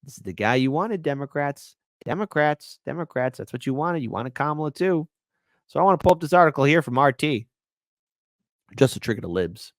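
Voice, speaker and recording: Give me a mocking male commentator with a very lively voice, recorded dry. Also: on the high side, brisk, no room sound. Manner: sarcastic, mocking, swings between loud outbursts and mutters. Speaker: political commentary host. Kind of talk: casual political commentary, reading articles aloud.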